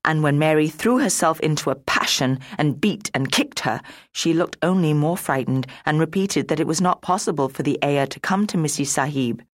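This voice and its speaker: A woman narrating a classic storybook in a measured, expressive reading. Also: deep voice, dry recording, clean studio sound.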